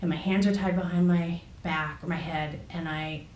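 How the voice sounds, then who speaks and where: A woman telling a personal story in a halting way, full of fillers and restarts. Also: lowish voice, steady tone, a little mellow, recorded from a distance, slight background noise. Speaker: guest recounting a personal experience. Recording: echoey room, voice off mic.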